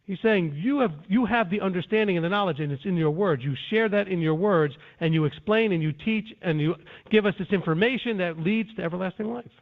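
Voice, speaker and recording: High-voiced man teaching over a phone line. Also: brisk. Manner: earnest, defensive lecturing with restarts. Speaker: Bible teacher. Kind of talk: conference-call teaching.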